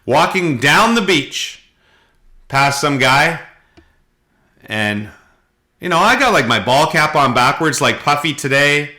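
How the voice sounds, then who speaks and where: A middle-aged man from Canada, co-hosting a podcast and telling animated anecdotes in casual chat. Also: on the high side, slow pace, pauses often. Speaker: podcast co-host.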